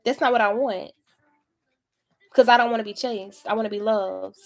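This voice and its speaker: A woman's voice: a little high, steady tone, normal speed, gravelly. A woman giving a casual tarot reading to camera, talking in a blunt, chatty way with plenty of swearing. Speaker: tarot reader.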